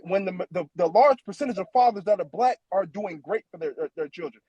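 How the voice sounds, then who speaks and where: A man's voice: sits high, brisk, muffled recording, background noise. A man on a livestream panel speaking bluntly and defensively, with plenty of "you know" fillers.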